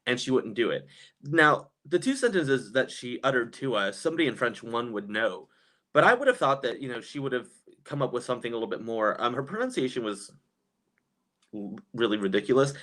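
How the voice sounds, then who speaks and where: A man chatting casually on a live stream, gossipy and quick to laugh, reading viewers' comments aloud and reacting. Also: mid-range voice, a bit bright.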